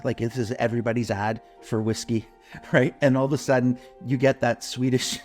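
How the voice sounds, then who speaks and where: Male co-host, excitable casual storyteller, mid pitch, faint music under him. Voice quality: animated, swearing, laughing storyteller. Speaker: podcast co-host, advertising consultant. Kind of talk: casual chat.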